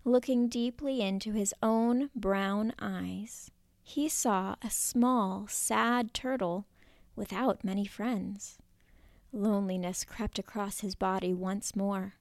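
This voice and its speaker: A woman narrating a children's story in a playful, expressive way, at times dropping to a whisper. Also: medium pitch, slow, dry recording.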